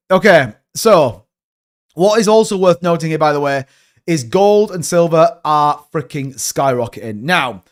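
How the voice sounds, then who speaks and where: Animated man hosting a crypto live stream. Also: fairly high pitch. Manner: animated, joking, repeats catchphrases. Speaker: crypto channel host. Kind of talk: casual live-stream market commentary.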